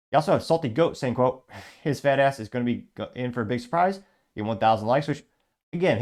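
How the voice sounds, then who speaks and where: A man's voice: medium pitch, darkish tone. A man hosting a commentary show, reading out social media comments and adding wry, offhand asides with frequent restarts. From Illinois.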